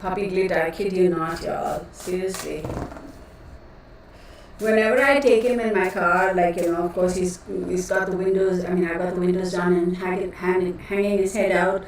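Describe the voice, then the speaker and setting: A woman's voice: on the low side, moderate pace. A woman chatting casually with her live viewers as a tarot reader, rambling along and calling them y'all. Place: cluttered home room she works from. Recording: echoey room, voice distant from mic, faint noise.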